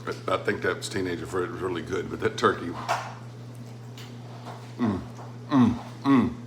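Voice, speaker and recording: A man's voice: sits low, fairly even intonation, fast, background noise. A middle-aged man hosting a casual home cooking vlog, talking in a folksy, rambling way with many fillers. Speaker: home cooking channel host. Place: home patio and kitchen.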